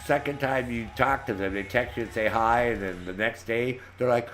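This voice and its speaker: A man telling a profane, animated story while streaming a game. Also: medium pitch, normal speed, poor audio. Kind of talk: casual storytelling while gaming.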